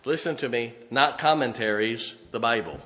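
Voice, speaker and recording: A man preaching a fiery, folksy sermon, building emphatically to loud peaks. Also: mid-range voice, normal speed. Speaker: pastor. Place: church sanctuary.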